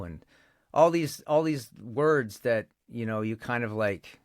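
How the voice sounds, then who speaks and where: A man's voice: medium pitch, slow pace, no room sound, studio quality. A man with a Canadian accent, a voice actor chatting casually as an interview guest, rambling with many restarts.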